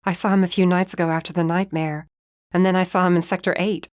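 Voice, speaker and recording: A woman's voice: fairly low pitch, little pitch movement, fast, no room sound, close to an everyday voice. A woman voicing a frightened, guilt-ridden young woman mage, who speaks in shaky, pleading half-whispers in a very dry, close recording. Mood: anxious.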